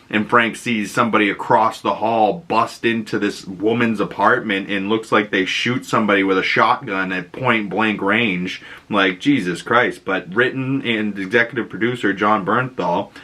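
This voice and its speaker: A man hosting a casual trailer breakdown as a YouTube reaction host, talking in an excitable, rambling way full of fillers and laughs. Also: medium pitch.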